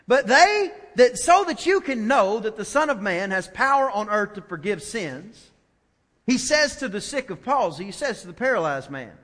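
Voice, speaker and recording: A male pastor preaching a sermon, swinging from soft asides to loud, emphatic declarations. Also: high-pitched, big pitch swings, normal speed. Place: church sanctuary. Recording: long church reverb.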